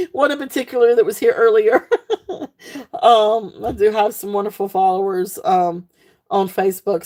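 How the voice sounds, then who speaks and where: A woman hosts a live online sale from her home. She chats casually and at length with her viewers, full of fillers and warm thanks. Her voice is mellow and soft-edged, pitched in the middle range. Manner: rambling and heartfelt, many fillers, laughs often. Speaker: online jewelry seller hosting a live sale.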